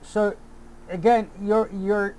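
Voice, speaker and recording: A man with a fairly high voice delivers an angry commentary rant at a slow, deliberate pace. He swears freely, circles back over the same points and keeps restarting his sentences. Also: little pitch movement, darkish tone, a little hiss or hum. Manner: heated, profane, repeats himself and restarts often. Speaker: YouTube commentator.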